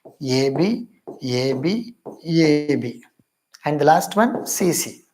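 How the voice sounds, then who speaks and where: A man's voice: a little high, expressive, takes it slowly, darkish tone, slight background noise. A man with an Indian English accent giving an exam-prep literature lecture, emphatic, repeating key points and calling viewers his friends.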